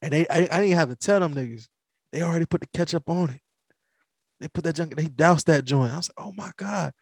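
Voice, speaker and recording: A man with a fairly high pitch and a quick pace hosts a podcast, telling stories with Southern American animation. It's a casual chat marked by stumbling restarts and laughter, recorded in clean studio sound without any room sound.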